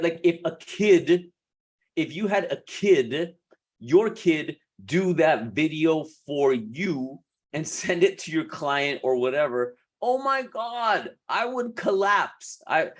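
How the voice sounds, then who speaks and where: A man coaching beauty professionals in a casual, animated way, laughing often and restarting his sentences. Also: fairly high pitch.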